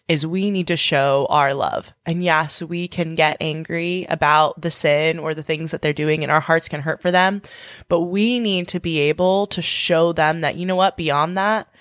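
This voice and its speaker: A woman's voice: low-pitched, fairly bright tone, dry recording, clean studio sound. A woman in her thirties co-hosting a faith podcast, talking in an earnest, heartfelt and encouraging way. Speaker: podcast co-host.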